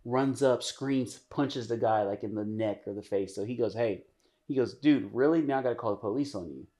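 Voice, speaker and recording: A man's voice: mid-range voice, fairly quick, dark tone. A man co-hosting a podcast, retelling a story in casual chat with many restarts. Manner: rambling, many restarts, acts out quotes. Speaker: podcast co-host.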